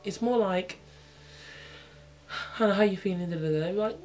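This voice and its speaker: Young woman, twenties, casual vlog talk, reflective, chatty, mid-pitched, acts out little dialogues, faint background music. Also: measured pace, a little mellow. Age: 20s. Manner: chatty, reflective, lots of "you know what I mean". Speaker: vlogger.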